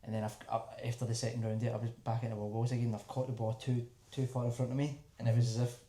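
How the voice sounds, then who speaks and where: A Scottish man co-hosting a casual podcast, telling stories in a rapid, sweary, laid-back way. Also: mid-range voice, flat delivery, dark tone, roomy sound, slight background noise. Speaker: podcast co-host.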